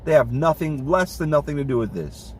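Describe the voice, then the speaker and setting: A man's voice: on the high side, lively intonation, fairly quick, darkish tone, far from the mic, a little hiss or hum. A man venting in a casual monologue, swearing often and getting exasperated. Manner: profane, exasperated ranting.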